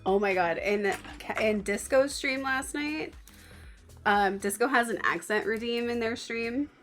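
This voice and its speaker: A woman's voice: on the high side, measured pace, a bit bright, faint music behind. A young woman from the Bay Area with a Northern Californian accent, chatting casually and giggling on a livestream, with lots of "like". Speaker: streamer.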